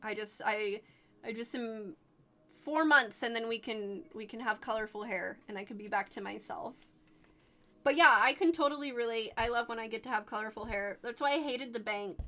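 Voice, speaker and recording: High-voiced gushing young woman streamer. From Oregon, United States. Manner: gushing, excitable, chatty with viewers. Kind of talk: casual live-stream chat.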